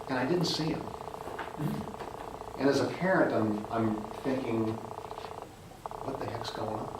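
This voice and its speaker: Middle-aged man giving an echoey club speech. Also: medium pitch. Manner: animated storyteller who acts out voices in anecdotes. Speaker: Toastmasters club speaker. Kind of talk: prepared storytelling speech. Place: meeting room. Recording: echoey room, distant mic, noisy.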